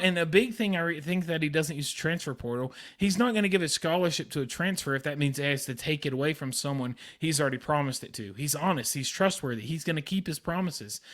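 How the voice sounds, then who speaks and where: Young guy doing a sports podcast, kinda high voice, gets worked up and repeats himself a lot. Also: fairly bright tone. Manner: enthusiastic, repetitive emphasis. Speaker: podcast host. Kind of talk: casual sports talk.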